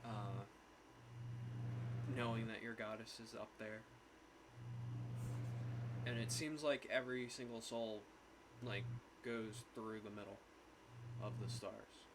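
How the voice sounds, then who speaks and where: A man running a tabletop game as game master, narrating in a relaxed way with many fillers. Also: lowish voice, slow, pauses often. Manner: apologetic, easygoing narration with fillers. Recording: loud background noise.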